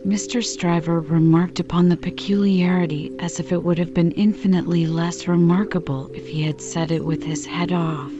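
A woman narrating a classic novel as an audiobook reader, steady and even, in a dull lo-fi recording with music behind. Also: on the low side, normal speed, hardly any pauses. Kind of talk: scripted narration.

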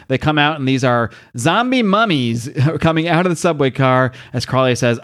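Guy cohosting a comics podcast, chatty, rambles through the recap, mid pitch. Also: a little fast. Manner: chatty, recaps in long runs with fillers. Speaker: podcast co-host. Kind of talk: casual chat recapping a comic.

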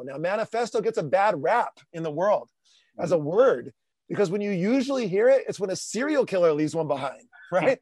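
A man talking as a podcast guest, energetic and animated, with lots of casual fillers. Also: high-pitched, normal speed, no room sound. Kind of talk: casual interview talk.

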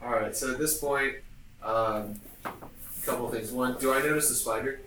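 A man's voice: medium pitch, normal speed, crowd noise. A man playing a tabletop game, animatedly describing what his character does, recorded in an echoey room from a distant mic. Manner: animated, declares his actions. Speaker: player. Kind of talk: casual tabletop play.

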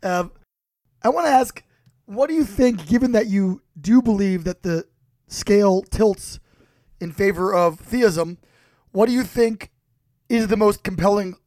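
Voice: mid-range voice, measured pace, a little mellow, dry recording. Interviewer, dry close recording, probing questions.

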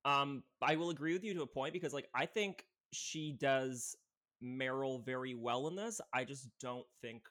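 Guy rambling about movies, mid pitch, lots of likes, gets animated. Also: moderate pace. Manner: rambling, filler-heavy, animated. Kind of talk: casual film chat.

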